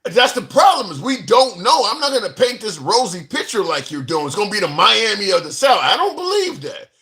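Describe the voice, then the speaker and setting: A man's voice: sits high, big pitch swings, brisk, pushed and bright. A man co-hosting a podcast, arguing politics in a combative, emphatic way with casual slang. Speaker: podcast co-host. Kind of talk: heated political debate.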